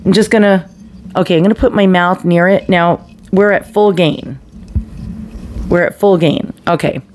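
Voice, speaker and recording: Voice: medium pitch, normal speed, slight background noise. A product reviewer at home, talking casually and bluntly while testing a desktop condenser microphone at varying distances. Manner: chatty, blunt, swears casually. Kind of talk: casual microphone test demo. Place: at home near household appliances. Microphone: desktop USB condenser mic, distance changing.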